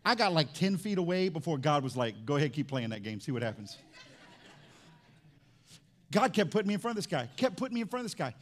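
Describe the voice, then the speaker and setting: Middle-aged guy pastor preaching, kinda high voice, chatty stories, keeps asking for amen. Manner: conversational storytelling, calls for amens. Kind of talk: sermon.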